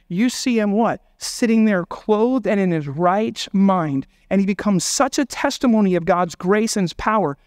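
A man's voice: high voice, darkish tone, clean tone, no echo, studio quality. A man preaching a sermon as pastor, emphatic and full of rhetorical questions.

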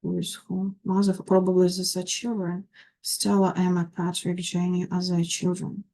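Woman tutor, mellow, reads English then translates. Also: on the low side, little pitch movement, normal speed, gravelly. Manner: reads English phrases then translates them, with small slips. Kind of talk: textbook walkthrough, reading and translating.

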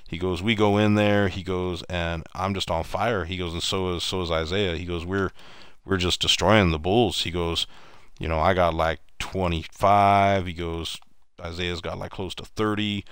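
A man's voice: deep voice, fairly even intonation, moderate pace, fairly bright tone, smooth, no echo, studio quality. A man streaming gameplay and telling a long story in a casual, rambling way, often restarting his sentences. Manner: mimics other people in raised voices when retelling stories.

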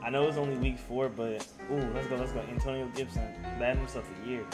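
A young man giving casual, slangy commentary on his own football video game, getting loudly hyped over big plays. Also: mid-range voice, quick pace. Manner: excitable, slangy, hypes up plays. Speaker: gaming YouTuber. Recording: music playing in the background.

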